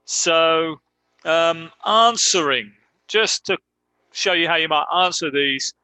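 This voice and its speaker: Bright-voiced man teaching English. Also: fairly high pitch, clear, resonant tone. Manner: explains slowly with many ums, models example sentences. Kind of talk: live online grammar lesson.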